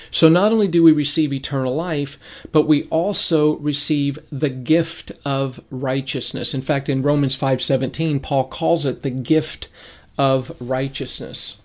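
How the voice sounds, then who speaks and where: Male Bible teacher, slightly higher voice, methodical, repeats phrases for emphasis. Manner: explains Greek words. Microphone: reading from notes.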